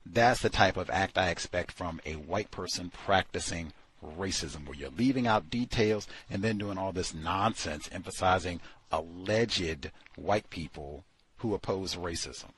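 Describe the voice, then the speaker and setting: A man with a low, husky voice hosts a talk program. He is blunt and dismissive and circles back to the same points again and again. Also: measured pace, fairly bright tone. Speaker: radio show host. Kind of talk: casual critical commentary.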